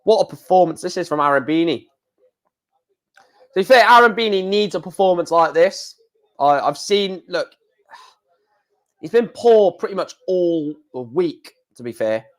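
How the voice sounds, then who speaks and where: A man's voice: sits high, expressive, normal speed, pauses often. A man hosting a darts live stream, reading out scores in a chatty, exclamatory way with mild swearing.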